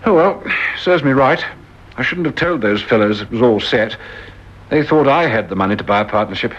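A defensive husband who sulks when he feels doubted. His voice is husky and rises and falls a lot. It has the muffled band of an old radio play. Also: mid-range voice, lively intonation, fairly quick, a bit bright. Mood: defensive, hurt. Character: touchy husband, wounded and defensive. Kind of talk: old radio drama acting.

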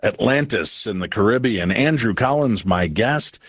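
Man, radio talk show host, late-night, relaxed, conversational, fillers, lowish voice, dry studio mic. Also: normal speed, slightly rough, dry recording. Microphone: studio microphone.

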